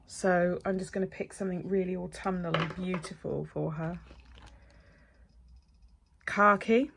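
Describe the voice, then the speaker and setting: A middle-aged woman, chatting casually as a nail technician. She gushes and gets excited, and sometimes drops to a breathy whisper. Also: fairly low pitch, normal speed. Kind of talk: casual unboxing chat.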